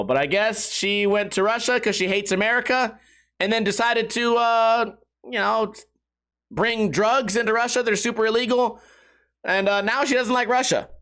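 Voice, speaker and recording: A man's voice: high voice, a bit bright, clear, resonant tone. A young adult man hosting a casual solo podcast, rambling and swearing with self-mocking humor. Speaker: podcast host.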